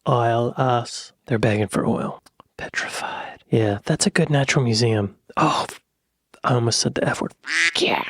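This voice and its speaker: Man, reaction host, joking and playful, husky breathy voice, whispered asides, dry close sound. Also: medium pitch, moderate pace, fairly bright tone, dry recording. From United States. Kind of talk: casual reaction commentary.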